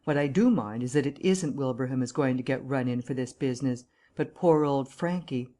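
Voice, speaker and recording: A glum young correspondent in a storybook, flat and expressionless, rueful under his calm, as a woman reader voices him. He speaks with detached, dry gloom. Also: a bass voice, normal speed. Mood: gloomy.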